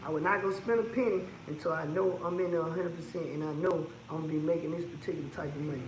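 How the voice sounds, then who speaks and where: A man's voice: a little high, fairly even intonation, fast, few pauses, reverberant, background noise. A man who owns a trucking business, talking casually and bluntly about its costs, repeating his points for emphasis. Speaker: trucking business owner giving advice. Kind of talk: casual advice monologue.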